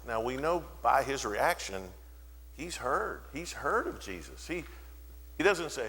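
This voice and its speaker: Lively, bright-voiced male preacher. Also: medium pitch, unhurried, long reverb tail. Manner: animated storytelling, briefly acts out the voices in the story. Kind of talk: sermon. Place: church sanctuary.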